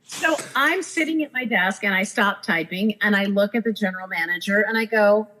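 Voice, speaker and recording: Telling casual stories on a podcast, a woman who used to be a cruise director brings the people she quotes to life with animated impressions. She has a medium-pitched voice at a normal speed, and the recording is rough.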